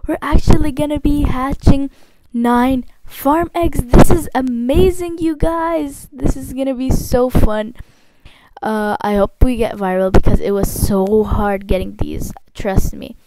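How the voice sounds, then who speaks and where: A woman hosting her gaming channel, giving gushing, excitable commentary and squealing often. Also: high voice, a little slow. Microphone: faulty mic. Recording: noisy faulty home mic.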